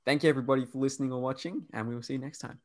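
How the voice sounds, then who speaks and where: A man with a Perth Australian accent hosting a casual podcast chat, easygoing and quick to laugh. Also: mid-range voice. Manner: easygoing, laughs often, wraps up with summaries. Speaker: podcast host.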